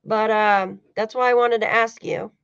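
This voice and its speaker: A woman from the United States chats through a casual livestream with a slightly high voice, swearing and laughing as she goes. The sound is dull and lo-fi, with a dry close feel and no room echo. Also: fairly even intonation, normal speed, vocal fry, clean tone. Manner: chatty, swears, laughs often, talks to chat. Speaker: true-crime livestream host.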